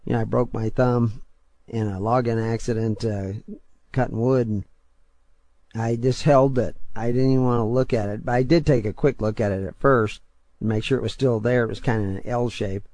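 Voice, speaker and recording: An older man preaching on his radio show, talking in a rambling, conversational way and building to forceful, emphatic points. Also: medium pitch, fairly even intonation, moderate pace, dry recording.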